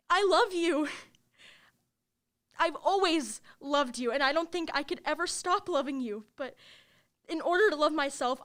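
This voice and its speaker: A young woman's high voice, hurt and reproachful, as an actress reads the part. She plays a girlfriend who is firmly ending a relationship. It comes from a live reading of a new play. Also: a bit bright. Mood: heartbroken. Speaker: stage actor in a play reading.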